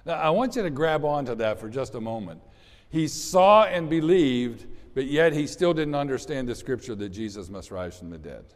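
Expressive and medium-pitched, a man speaks at a normal pace while preaching an Easter sermon as pastor. His rambling, conversational delivery includes restarts and asides to the congregation, all within long hall reverb.

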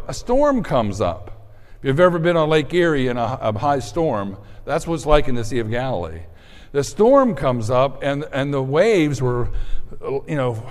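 A man's voice: on the high side, a little mellow, long reverb tail. A man preaching a sermon as pastor, talking in a loose, conversational way with lots of fillers and restarts.

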